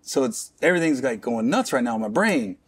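A middle-aged man from Cincinnati, Ohio, a comedian guest, has a medium-pitched, breathy-edged voice with big pitch swings and a fairly quick pace. He recounts a personal story openly, rambling, restarting, and adding wry digs at himself.

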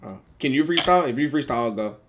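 A man's voice: medium pitch, lively intonation, racing, background noise. A man streaming on a video chat app, chatting in a joking, slangy, profane way. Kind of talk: casual chat.

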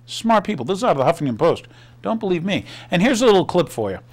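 Sarcastic and loaded with rhetorical questions, a male host gives a news commentary monologue at a fast clip. His slightly high voice moves around lively in pitch.

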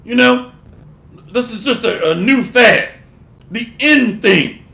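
A man delivers a fierce, scolding sermon in a strikingly high, gravelly voice. His tone is sharp and bright as he rebukes his listeners and mocks them in put-on voices. The recording sounds like an echoey room. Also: lively intonation, slow pace. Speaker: preacher.

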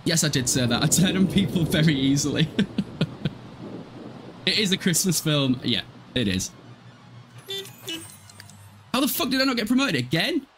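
A man from Hull, East Yorkshire, chats casually with viewers while livestreaming a game, laughing a lot and swearing freely. His voice is a little high and very animated, at normal speed with long pauses. Music plays in the background.

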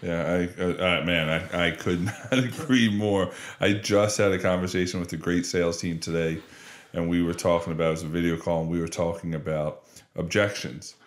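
A man's voice: low voice, fairly even intonation, a little fast, reverberant. A man hosting a podcast, chatting in an enthusiastic, agreeing way that is full of restarts. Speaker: podcast host. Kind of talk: casual interview chat.

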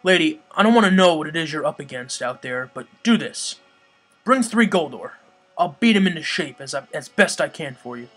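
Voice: mid-range voice, animated, normal speed, fairly bright tone, faint music behind. A gamer reading aloud the game lines of a humble village craftsman, plainly. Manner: plain, matter-of-fact reading.

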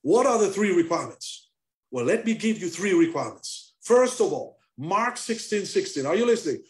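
A man, a pastor, preaching an animated sermon with call-and-response over a video call. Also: high voice, moderate pace.

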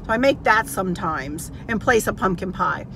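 A woman's voice: medium pitch, animated, moderate pace, gravelly, a bit bright. A woman telling a family story to her viewers in a casual chat, acting out what people said. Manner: chatty, storytelling, acts out quotes. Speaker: craft channel vlogger. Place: inside a car. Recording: noisy car interior. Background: car and road noise.

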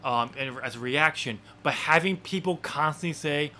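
Male podcast co-host, a touch higher than typical, bright, forceful tone; casual rambling delivery full of ums and restarts. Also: normal speed. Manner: rambling, lots of fillers and restarts. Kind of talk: casual wrestling chat.

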